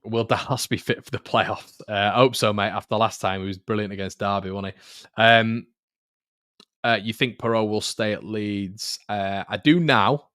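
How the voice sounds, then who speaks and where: A man hosts a football fan live stream in a loose, conversational way, often repeating himself and answering viewers' comments as they come in. His voice sits low. It is recorded close and dry, with no room sound. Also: normal speed, fairly bright tone, no room sound. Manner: chatty, repeats phrases, reads viewer comments. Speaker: fan channel host.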